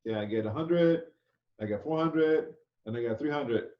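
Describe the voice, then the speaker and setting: A chef instructor teaches an online class in a relaxed, talkative manner, frequently asking "okay?" His voice is medium in pitch at a moderate pace, with a bit of background noise. It's a casual lecture captured over a video call, and the audio comes across echoey and dull.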